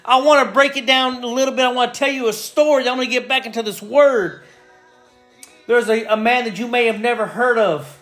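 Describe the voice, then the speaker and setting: A man's voice: extremely high pitch, fairly even intonation, fairly quick, a bit bright, faint music behind. A man preaching a sermon with fervor, repeating phrases and building in intensity. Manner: fervent, repetitive, builds in intensity.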